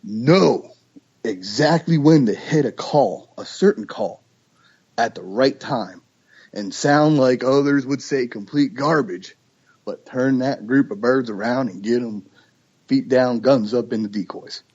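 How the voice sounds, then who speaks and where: A man, a duck call maker, chatting casually on a podcast and telling lively stories with imitated calls. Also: mid-range voice, unhurried, husky, muffled recording. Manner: animated storyteller, imitates duck calls and voices.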